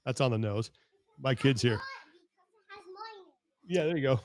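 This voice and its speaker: A man hosting a podcast over a video call, telling a story in an animated, exasperated way that keeps breaking off and restarting. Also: mid-range voice, unhurried, a little hiss or hum. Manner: animated, exasperated rambling with self-interruptions. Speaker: podcast host. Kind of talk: casual storytelling chat.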